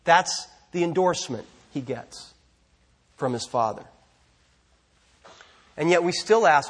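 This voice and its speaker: A middle-aged male pastor delivers a sermon in a high, breathy voice that swings widely up and down. He speaks slowly and earnestly, drawing out the phrases he wants to land. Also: animated. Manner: earnest, slows down to stress key phrases.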